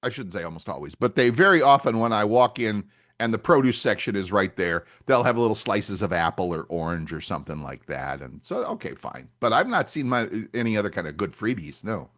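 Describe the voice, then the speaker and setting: A man's voice: fairly low pitch, fairly quick. An older man co-hosting a podcast, chatting casually and acting out little scenes as he tells stories. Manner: animated storyteller, acts out dialogue. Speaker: podcast co-host. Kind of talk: casual chat.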